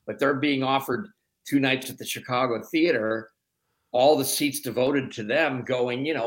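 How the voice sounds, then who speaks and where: Male interview guest, mid pitch, steady storyteller. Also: rough recording. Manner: measured, storytelling explanations. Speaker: documentary producer guest. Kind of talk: radio interview answer.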